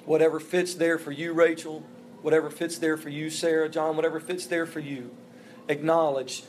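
Man, pastor, sermon, earnest, emphatic, slightly high voice, faint background hiss. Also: little pitch movement, normal speed. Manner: earnest, emphatic preaching with repeated phrases. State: emotional, voice breaking.

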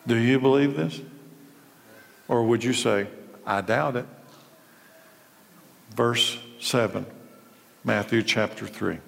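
A man's voice: mid-range voice, slow, vocal fry, long pauses, long reverb tail. A man preaching a sermon to a live church audience, firing off rhetorical questions and building to raised, emphatic passages. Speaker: pastor.

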